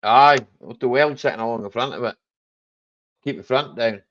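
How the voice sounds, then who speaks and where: A man's voice: medium pitch, normal speed, fairly bright tone, dull audio. A man hosting a casual live chat stream, joking and laughing a lot as he answers viewers. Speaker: livestream host.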